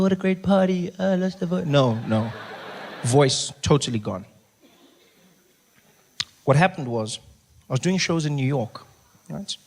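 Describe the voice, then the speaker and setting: A man, doing animated stand-up storytelling and jumping in and out of the voices of other people. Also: medium pitch. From South Africa. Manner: animated, acts out voices, drops to a hush for effect. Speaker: stand-up comedian.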